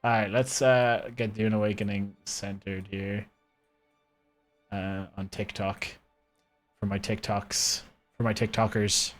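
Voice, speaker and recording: A man's voice: fairly low pitch, little pitch movement, slow, pauses often, soft background music. A man streaming a game live from his own room, rambling casually and chatting with his viewers. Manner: rambling, chatty, talking to chat.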